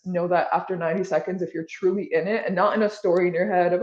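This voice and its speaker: A woman's voice: lowish voice, steady tone, fast talker, hardly any pauses, a little mellow, echoey room, highs cut off. A woman being interviewed, talking in a casual, rambling way with lots of "like" and restarts. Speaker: podcast guest.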